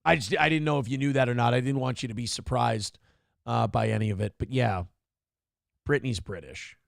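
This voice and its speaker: A man's voice: medium pitch, steady tone, quick pace, creaky, dry recording. A male morning show host giving comedic, ranting commentary, sarcastic and profane as he mocks celebrities, on a close mic.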